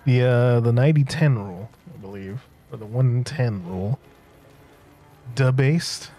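A man's voice: medium pitch, a little slow, warm tone, soft background music. A man streaming a video game, chatting casually, joking and tripping over his words. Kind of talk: casual live-stream gaming commentary.

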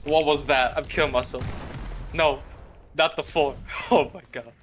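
A man's voice: on the high side, steady tone, measured pace. A man teasing his friend and laughing while playing an online fighting game. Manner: teasing, laughing, repeats taunts. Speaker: gamer. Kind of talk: casual gaming banter. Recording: noisy game audio with clicks.

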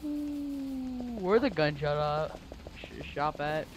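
A gamer giving casual gameplay commentary with excitable trash talk, yelps and gasps. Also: medium pitch, slow, background noise. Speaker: gamer playing online.

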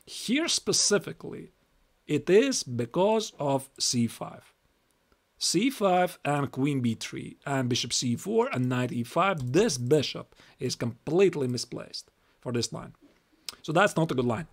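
A man's voice: fairly high pitch, animated, a little slow. A young Latvian man with a Latvian accent giving a chatty live-stream chess lesson, reading moves aloud and repeating himself.

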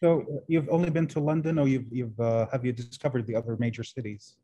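A man's voice: medium pitch, steady tone, fast talker, dark tone. A man whose first language is Arabic, a translation professor speaking as a guest in an interview, thoughtful and often repeating words as he searches for phrasing. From Arab world. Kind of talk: interview conversation.

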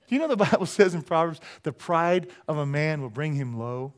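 A male pastor preaching a sermon in a church, animated and joking, asking the congregation rhetorical questions. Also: on the high side, brisk, few pauses. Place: church sanctuary.

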